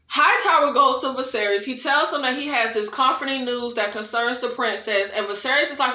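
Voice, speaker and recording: Young woman, high bright voice, expressive and sassy, casual recap in a reverberant room. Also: brisk, hardly any pauses. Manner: expressive, sassy, laughs often, calls viewers "y'all" and "baby". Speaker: TV recap reviewer. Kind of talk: casual, animated episode recap. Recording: echoey room.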